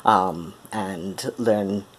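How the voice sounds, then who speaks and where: A man's voice: low voice, fairly even intonation, breathy edge. A young man from Ohio who speaks with a transatlantic accent, introducing himself as a musician in a hesitant, tired vlog with lots of ums. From Ohio, USA. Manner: hesitant, full of ums and pauses.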